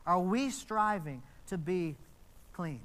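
A man's voice: high voice, expressive, takes it slowly, fairly bright tone. A man in his fifties preaching a conversational sermon in a church, telling stories with asides to the congregation. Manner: chatty storytelling with asides to the congregation. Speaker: pastor.

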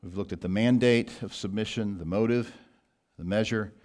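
A pastor giving an expository sermon in a deliberate teaching manner, slowing down to read scripture. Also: male voice, on the low side, a little mellow.

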